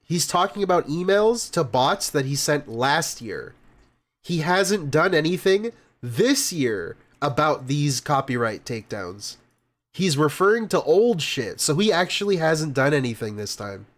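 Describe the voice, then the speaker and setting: A man reacting live to another creator's clips. His tone is mocking and sarcastic, with plenty of swearing. His voice sits slightly high for a man. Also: sing-song, unhurried. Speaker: stream reactor. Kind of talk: casual reaction commentary.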